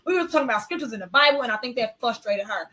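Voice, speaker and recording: Nurse lady sharing a faith story on a talk show, kinda high voice, animated, acts out who said what. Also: racing.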